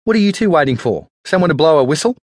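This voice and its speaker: A man's voice: fairly high pitch, big pitch swings, fast, no room sound, studio quality, voice pushed up. A man voicing a strict, cold male schoolteacher in an audiobook, giving clipped, stern commands. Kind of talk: audiobook character voice.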